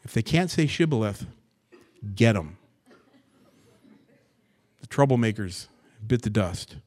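A man's voice: fairly low pitch, takes it slowly. Folksy man teaching scripture verse by verse. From US West Coast. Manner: folksy, animated, asides and anecdotes. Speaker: pastor.

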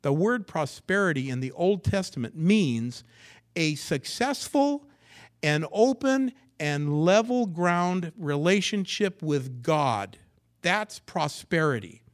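A man preaching a sermon in a church, swinging from loud, emphatic lines down to hushed, low asides. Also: expressive, slow. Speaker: pastor. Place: church sanctuary.

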